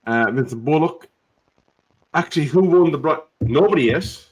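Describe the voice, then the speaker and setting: A man's voice: on the high side, animated, moderate pace, rough recording. Joking man hosting a live stream. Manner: chatty, joking, reads out viewer comments. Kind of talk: casual live stream chat.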